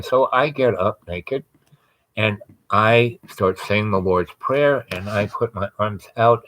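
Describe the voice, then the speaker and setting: Low-voiced man telling a rambling story. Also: a bit bright, no echo, low-quality recording. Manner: rambling, with frequent restarts and asides. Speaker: host. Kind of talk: casual personal storytelling.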